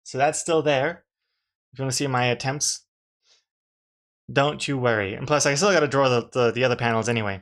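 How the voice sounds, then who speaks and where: A man's voice: mid-range voice, fairly even intonation, brisk, long pauses, a bit bright. A man, a comic artist, chatting casually to his live-stream viewers while drawing, rambling and restarting his sentences with dry jokes.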